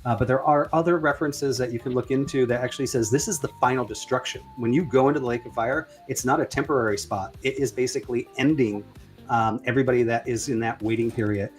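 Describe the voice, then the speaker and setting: A man's voice: medium pitch, fast talker, soft background music. Hesitant man hosting a religion discussion. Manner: hesitant, many fillers and restarts. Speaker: debate host. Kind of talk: casual discussion.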